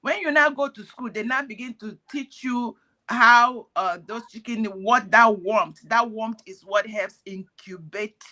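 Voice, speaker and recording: Slow, bright-voiced woman preaching. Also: on the high side. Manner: earnest, preachy, speaks in parables. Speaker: activist speaking on a call. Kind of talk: impassioned commentary.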